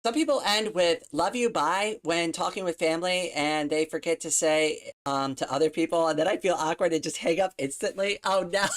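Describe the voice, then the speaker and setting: Rambling, giggly woman streamer, lowish voice. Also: normal speed. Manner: rambling, lots of "like", giggles often. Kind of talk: casual livestream chat.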